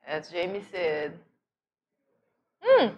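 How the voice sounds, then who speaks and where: A woman's voice: fairly low pitch, huge pitch swings, extremely slow, highs cut off. A woman co-hosting a morning show, chatting playfully and laughing as she explains old sayings. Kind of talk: casual studio chat.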